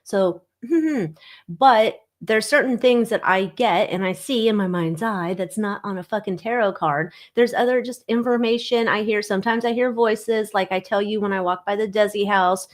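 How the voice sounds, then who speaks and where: A woman's voice: mid-range voice, normal speed. A woman in her forties hosting a casual livestream chat as a tarot reader, rambling and sarcastic, swearing freely and often trailing off with "I don't know.". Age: 40s. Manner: trails off with frequent 'I don't know'.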